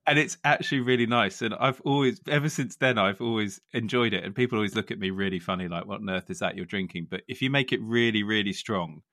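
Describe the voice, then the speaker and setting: Joking male podcast host, low voice. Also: brisk, no room sound, clean studio sound. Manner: joking, animated storyteller, laughs loudly. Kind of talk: casual podcast chat.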